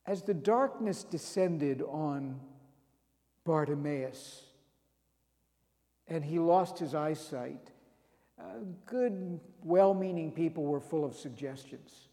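A man preaching a dramatic sermon, retelling a story with swings between loud and hushed delivery. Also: fairly high pitch, slow. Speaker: pastor. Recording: long reverb of a large hall.

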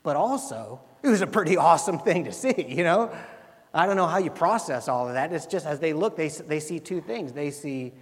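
A man preaching a sermon, earnest, often repeating words and swelling louder for emphasis. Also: on the high side, lively intonation, moderate pace, slight background noise. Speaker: pastor. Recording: long reverb of a large hall.

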